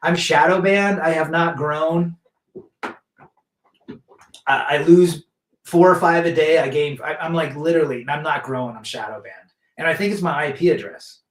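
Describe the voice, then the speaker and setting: A man's voice: fairly high pitch, moderate pace, reverberant. A man hosting a casual live stream, chatting loosely and reading viewer comments aloud, with frequent restarts. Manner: rambling, many restarts, reads chat aloud.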